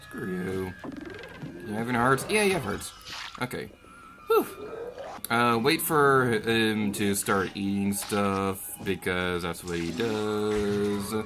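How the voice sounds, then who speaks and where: A man giving jokey let's-play commentary, who rants and yells at enemies in the game. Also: on the low side, lively intonation, takes it slowly, music in the background.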